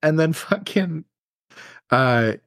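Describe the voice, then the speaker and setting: A man's voice: a little high, lively intonation, takes it slowly, a bit bright, dry recording, clean studio sound. Profane man in casual podcast chat. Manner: loose and profane, trails off searching for words. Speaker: podcast co-host. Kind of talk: casual chat recapping a film.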